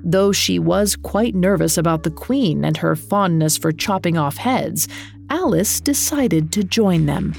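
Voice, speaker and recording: A woman reading a storybook aloud in a calm, measured, expressive narration. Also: fairly low pitch, gravelly. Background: soft music.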